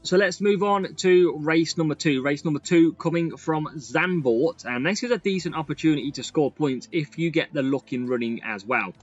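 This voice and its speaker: A man giving lively, excitable commentary over a racing game he is playing. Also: on the high side, normal speed, few pauses, lo-fi sound, soft background music. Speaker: gaming YouTuber. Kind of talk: gameplay commentary.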